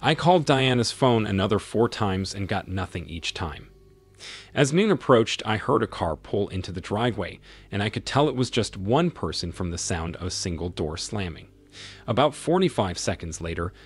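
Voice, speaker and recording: A man narrating a dramatic first-person story in an expressive storytelling manner. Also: lowish voice, slightly rough. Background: faint music.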